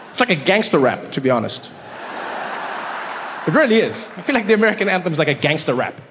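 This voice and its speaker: A man in his forties performing a stand-up comedy set, bantering with the crowd and jumping into high, shouting voices for imagined people. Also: sing-song, quick pace, long pauses. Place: large theater stage. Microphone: handheld stage mic. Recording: live stage mic in a large reverberant venue with faint audience noise.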